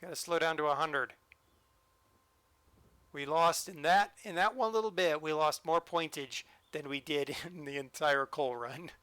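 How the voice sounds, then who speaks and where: Man, streamer, joking gameplay commentary, bright tone, dry recording. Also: on the high side, measured pace, dry recording. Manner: joking, talks to the train.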